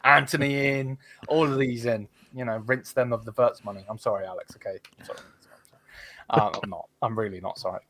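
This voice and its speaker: A man's voice: medium pitch, fairly even intonation, fairly quick, fairly bright tone, slight background noise. A man hosting a casual football podcast, rambling with lots of fillers and swearing. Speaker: podcast host.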